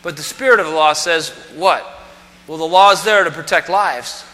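A man's voice: a little high, moderate pace, pushed and bright. Man, pastor, sermon, rhetorical questions, conversational, long hall reverb.

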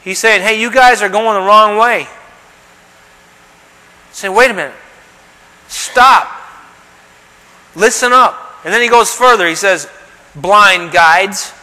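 A man's voice: high voice, slow pace, long pauses, pushed and bright. Man, pastor, preaching, rhetorical questions, acted quotes, echoing hall. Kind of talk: sermon.

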